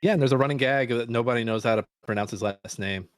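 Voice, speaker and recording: A man co-hosting a podcast in casual chat, animated, laughing often and slipping into put-on voices. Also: mid-range voice, fast talker, no echo, studio quality. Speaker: podcast co-host.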